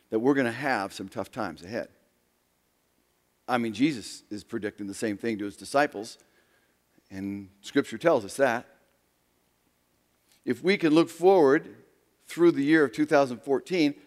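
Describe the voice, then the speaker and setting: A pastor preaching a sermon, swinging from quiet, low talk to loud, raised passages. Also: male voice, normal speed, long pauses. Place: church sanctuary. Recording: long reverb of a large hall.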